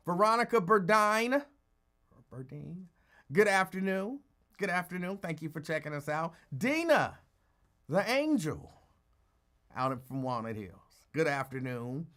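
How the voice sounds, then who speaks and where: A tired man hosting a casual live talk show, greeting listeners by name and talking in a calm, rambling way. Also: fairly high pitch. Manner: calm, holding back from yelling. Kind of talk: casual live-stream chat.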